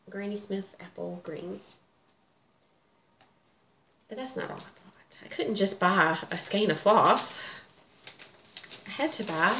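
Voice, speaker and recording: A woman's voice: mid-range voice, gravelly, a bit bright, a little hiss or hum. A middle-aged woman, chatting casually and gushing about her hobby. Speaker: cross-stitch vlogger. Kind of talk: casual chat. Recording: echoey room with faint ambience.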